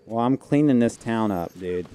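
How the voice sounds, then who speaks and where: A man chatting casually and slangily while playing a video game, thinking out loud. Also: fairly low pitch, lively intonation, moderate pace, clean tone. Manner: chatty, slangy, says dude and like a lot. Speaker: gamer playing on stream. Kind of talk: casual gameplay commentary. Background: faint game music.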